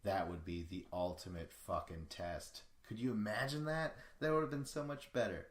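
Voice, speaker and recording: A man's voice: on the low side, fairly even intonation, normal speed, reverberant. A man hosting a podcast alone, recapping in a casual, rambling way that is full of profanity. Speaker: podcast host. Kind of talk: solo show recap.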